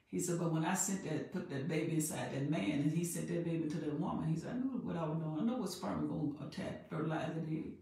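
A woman preaching a sermon in an emphatic, repetitive way that builds in loudness. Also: deep voice, brisk. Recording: very echoey room, voice far from mic.

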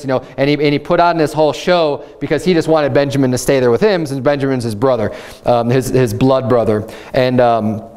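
Brief: male pastor, fairly high voice, casual Bible-study preaching with lots of fillers. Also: a little mellow. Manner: conversational Bible teaching with many fillers and restarts; reads scripture slowly, acts out speakers in a raised voice. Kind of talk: sermon.

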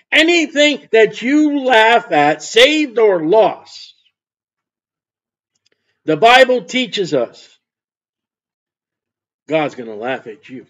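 A man's voice: high-pitched, fairly bright tone, lo-fi sound. A man preaching a fervent sermon as a street preacher. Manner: fervent, mocking laughter when imitating scoffers.

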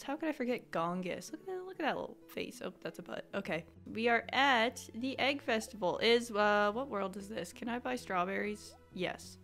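A young woman giving casual, excitable let's-play commentary, dramatic and prone to shrieking outbursts. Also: mid-range voice. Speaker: gaming YouTuber.

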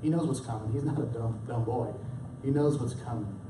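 A man's voice: mid-range voice, a little fast, background noise. A man preaching a sermon in a conversational way, often restarting his words and acting out the lines of the story. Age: young adult or middle-aged. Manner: conversational, with many restarts and dramatic acted quotes. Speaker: pastor. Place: church. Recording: roomy church hall, mic at a distance.

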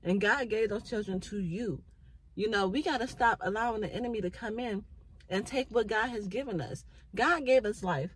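A woman's voice: medium pitch, moderate pace, breathy edge, rough recording. A mother talking earnestly about faith and family, with a preachy, heartfelt way of speaking. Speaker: mother sharing faith thoughts. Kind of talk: casual spoken reflection.

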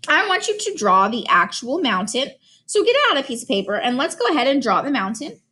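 A woman's voice: high voice, very animated, a little fast, bright, forceful tone. A woman teacher reading a novel chapter aloud to her students, then chatting expressively about it.

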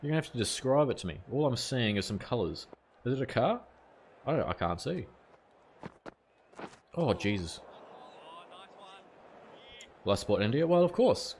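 A man's voice: mid-range voice, big pitch swings, moderate pace, pauses often, a little mellow, a little hiss or hum. A young man from New Zealand with a New Zealand accent, casually commentating a cricket game while chatting with his viewers. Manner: casual, chatty, reads out chat messages, mild swearing. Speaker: gaming streamer.

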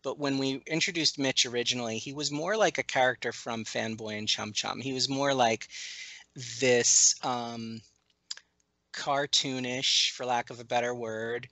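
A man's voice: medium pitch, fairly even intonation, measured pace, bright, forceful tone, no room sound, low-quality recording. A man being interviewed about creating a cartoon series, talking thoughtfully with many restarts and fillers. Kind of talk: conversational interview.

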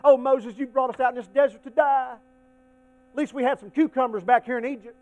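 A male preacher briefly voicing a grumbling Israelite who whines to his leader, in a high, raised voice. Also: fairly even intonation, a little fast. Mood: whining. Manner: whiny, complaining.

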